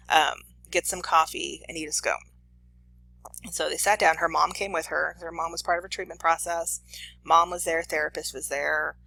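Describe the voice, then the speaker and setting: A professor giving a lecture, telling a case story with lively acted-out quotes. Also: medium pitch, vocal fry, rough recording. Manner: animated storytelling, acting out the people in the story.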